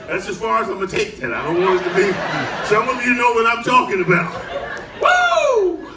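An older man performing a stand-up comedy set on a cruise ship, telling stories in an animated way and shouting his punchlines. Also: fast, noisy background. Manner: animated storytelling, shouting punchlines, high-pitched put-on cries. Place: cruise ship show lounge with a live audience. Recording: roomy live audio from far off, loud crowd.

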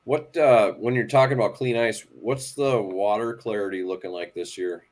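A man hosting a fishing channel's live talk in a relaxed way, asking guests questions and reading out viewer questions. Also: lowish voice, moderate pace. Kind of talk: casual live-stream chat.

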